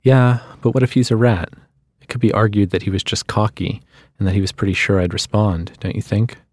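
Field: voice. Value: a man reading as a wry, restless woman, low and dry. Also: steady tone, a little fast, darkish tone, no echo, natural voice.

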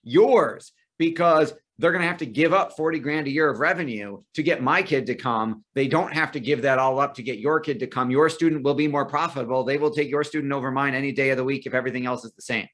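A man working as a financial aid planner, answering interview questions in a brisk, explanatory way. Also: mid-range voice, fairly bright tone. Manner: explanatory, brisk, tells client stories.

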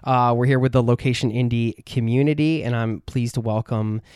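Male podcast host, earnest and rambling, smooth clear tone, dry sound. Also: medium pitch, steady tone, normal speed, darkish tone, no room sound. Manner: earnest, rambling with many fillers. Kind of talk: heartfelt podcast intro and interview.

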